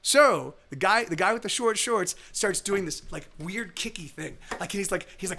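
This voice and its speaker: Stream host, young man, high voice, rambling storyteller. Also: moderate pace, bright, forceful tone. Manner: rambling storytelling with many restarts and acted quotes. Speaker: livestream host. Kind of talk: casual chat.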